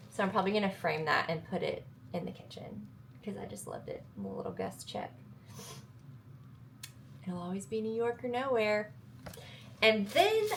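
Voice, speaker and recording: A woman's voice: medium pitch, fairly bright tone, slight background noise. Chatty woman with a Southern accent. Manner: chatty, upbeat, self-joking. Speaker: travel vlogger. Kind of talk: casual vlog chat.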